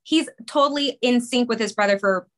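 A woman in her thirties, a guest on a talk show, telling an emotional personal story in a rushed, rambling way full of "like". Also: on the high side. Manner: rushed, rambling, many "like" fillers. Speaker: podcast guest, mother.

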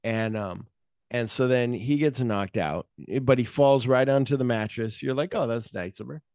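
A man's voice: medium pitch, moderate pace, darkish tone, no echo, studio quality. A man co-hosting a podcast, retelling movie scenes animatedly, acting out the quotes and swearing freely. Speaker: podcast co-host. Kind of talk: casual movie chat.

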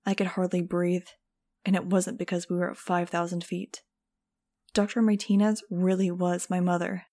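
A woman narrating an audiobook in steady, even storytelling. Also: on the low side, moderate pace. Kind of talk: scripted narration.

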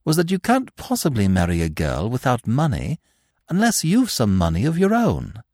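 A man putting on a kind-hearted young woman in a storybook reading, her voice raised and briskly impatient, bouncing through lively sing-song rises. the dry, close sound leaves nothing of the room. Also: medium pitch, no echo, voice pushed up. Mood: exasperated.

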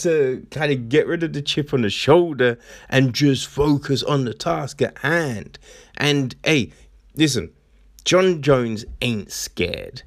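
Young man, casual fight-recap monologue, lively intonation, slow easy delivery, lots of filler and repeats. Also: mid-range voice. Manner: animated, slangy, repeats himself with "you know what I mean?". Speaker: MMA commentator.

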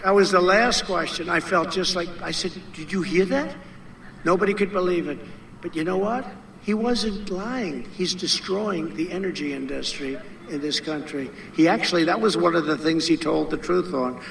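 A man's voice: high voice, normal speed, creaky, a bit bright, reverberant, a little hiss or hum. A man giving a rally speech, emphatic and repetitive, mocking the people he quotes.

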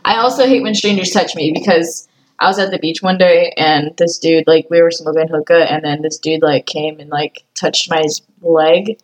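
A woman's voice: low-pitched, steady tone, normal speed, low-quality recording. A young woman in casual chat with friends, emphatic, swearing freely and laughing often.

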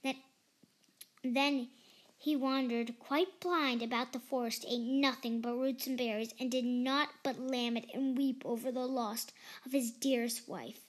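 A woman's voice: high voice, fairly even intonation, unhurried. A young woman reading a fairy tale aloud, carefully and with small slips. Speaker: storyteller.

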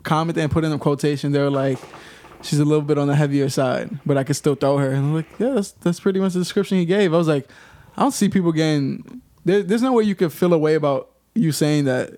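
A man's voice: on the high side, fast talker, warm tone. A young man hosting a casual podcast chat, loose and storytelling, laughing often.

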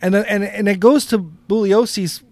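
A man's voice: high-pitched, fairly even intonation, moderate pace, a little mellow, no echo. A man co-hosting a casual podcast who rambles through loose anecdotes and laughs often. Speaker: podcast co-host.

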